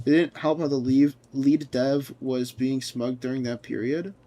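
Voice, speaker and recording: A man's voice: medium pitch, fairly even intonation, measured pace, dark tone. A young man streaming, chatting casually with his viewers, answering chat and ranting with frequent laughter and swearing.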